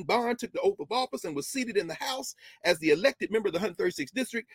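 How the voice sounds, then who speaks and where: A man giving an impassioned history lecture, moving between quiet asides and loud emphatic bursts. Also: a little high, slightly rough, no room sound.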